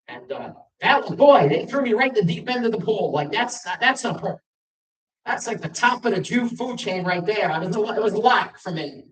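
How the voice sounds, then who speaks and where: A man's voice: high voice, animated, normal speed, a bit bright. A middle-aged man tells self-deprecating stand-up stories, his voice swooping up and down as he acts out both sides of a conversation. He sounds a little off the mic, and the room around him echoes. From Long Island, New York. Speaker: stand-up comedian. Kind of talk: stand-up comedy set. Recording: roomy venue, mic from a distance.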